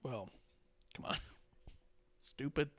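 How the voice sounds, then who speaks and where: A man's voice: extremely slow, a bit bright. A man hosting a casual podcast, recapping with a joking, rambling manner on a close mic. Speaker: podcast host. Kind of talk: casual chat.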